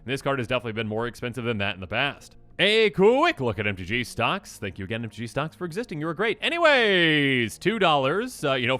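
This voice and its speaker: A man hosting a casual card review, chatty and enthusiastic, with a slightly hoarse voice. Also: mid-range voice, pushed and bright. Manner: enthusiastic, chatty, lots of fillers. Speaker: channel host.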